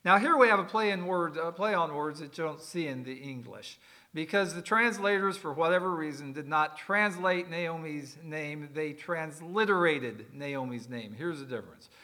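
A man's voice: a little high, moderate pace, pushed and bright. A man preaching a sermon, explaining words in a conversational way with folksy asides. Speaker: pastor.

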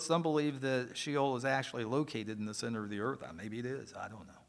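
A male preacher giving a sermon, swinging from loud emphatic lines to quiet asides and joking with the congregation. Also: medium pitch, steady tone, fairly quick, gravelly, hardly any pauses.

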